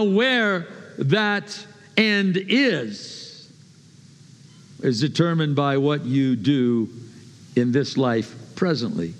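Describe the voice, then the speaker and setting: A man preaching a sermon, emphatic and repetitive, swinging between hushed lines and loud bursts. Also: a little high, in a large hall. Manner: emphatic, repeats phrases, shifts from hushed to loud.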